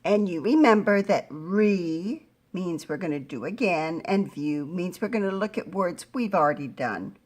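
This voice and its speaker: A middle-aged woman teaching a phonics lesson to young readers, patient and encouraging, sounding words out slowly. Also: on the low side. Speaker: reading teacher.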